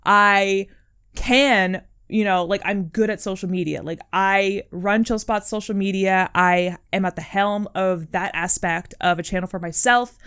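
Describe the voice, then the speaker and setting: A woman's voice: medium pitch, steady tone, measured pace, fairly bright tone, smooth. A young adult woman co-hosting a podcast, chatting casually in an earnest, encouraging way, full of "like" and "um". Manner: earnest, encouraging, heavy use of "like" and "um". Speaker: podcast co-host. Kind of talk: casual chat.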